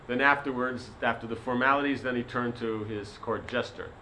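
Male spiritual teacher, rambling sermon, mid-pitched, faint background noise. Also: moderate pace, sharp tone, low-quality recording. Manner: rambling, many fillers like "you know". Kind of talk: sermon with a told story.

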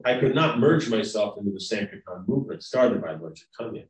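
Animated and fairly quick with few pauses, this low-voiced man lectures a devotional class. The spiritual lecturer rambles in a conversational way and often checks in with his audience, while the distant mic gives the recording a roomy sound.

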